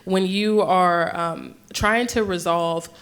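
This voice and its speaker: A young woman and yoga teacher telling a candid personal story to an audience, animated and casual, with frequent swearing and "like". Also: on the low side, takes it slowly, clear, resonant tone.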